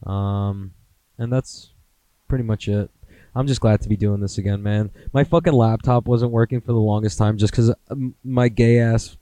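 A man's voice: fairly low pitch, steady tone, moderate pace, mellow, dry recording, rough recording. A young American man hosting a solo podcast, rambling in a profane, self-mocking, casual way. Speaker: podcast host.

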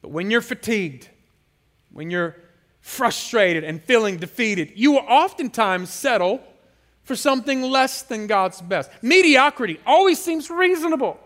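Bright, high-voiced man preaching. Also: unhurried. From San Francisco area. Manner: animated, playful storytelling with call-and-response. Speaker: guest pastor. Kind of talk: sermon.

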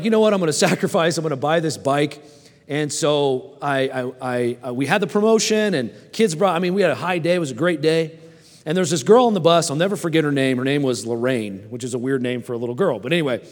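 A man's voice: fairly high pitch, animated, fast talker. A man in his forties preaching a sermon and telling personal stories in a folksy way, often stammering and restarting, and asking the audience questions. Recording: long hall reverb.

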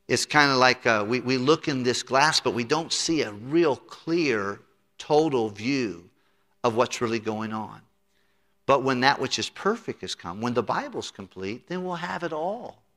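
A man's voice: mid-range voice, lively intonation, normal speed, pushed and bright. A middle-aged man preaching an expository sermon from a pulpit in a church, earnest, repeating words as he goes. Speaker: pastor. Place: church sanctuary. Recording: long church hall reverb.

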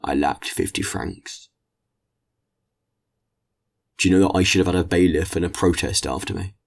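A man's voice: sits low, steady tone, fairly quick, vocal fry. A man voicing a greedy, scheming male innkeeper in a storybook reading, blunt and calculating.

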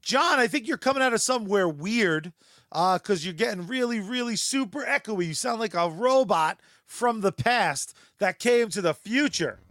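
Male podcast co-host, high voice, relaxed banter and sponsor plugs. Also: moderate pace, no room sound, studio quality. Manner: loose, joking, fills with "uh". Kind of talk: casual podcast chat with sponsor reads.

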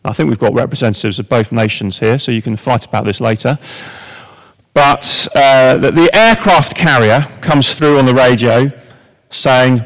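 A male preacher speaking in a middle-pitched voice to a congregation, posing wry rhetorical questions in an easy, conversational tone. His voice carries a long reverb from a large church hall. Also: moderate pace, a bit bright. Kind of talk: sermon.

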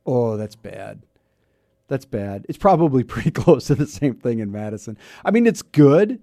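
A man's voice: medium pitch, very animated, normal speed, creaky, dark tone, no echo, clean studio sound. A middle-aged man hosting a radio talk show, chatty and self-mocking, rambling with restarts. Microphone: studio mic.

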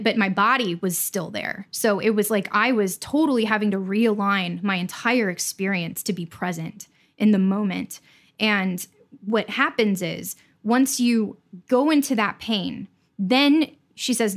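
Give me an earnest woman guest on a podcast, intense and open, at a medium pitch. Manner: earnest, intense, speaks in rushing bursts. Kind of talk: candid podcast conversation.

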